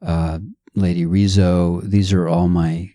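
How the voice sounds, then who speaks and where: Middle-aged male guest, deep voice, animated and digressive, dry close mic. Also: takes it slowly, no room sound. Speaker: podcast guest. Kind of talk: casual conversation.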